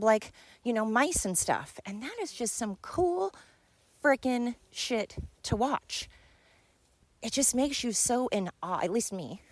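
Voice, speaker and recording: A young woman, hosting her podcast in a chatty, excitable ramble while out of breath from walking uphill outdoors. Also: mid-range voice, no echo. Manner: chatty, excitable, says frickin' a lot. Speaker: podcast host. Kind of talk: casual rambling monologue.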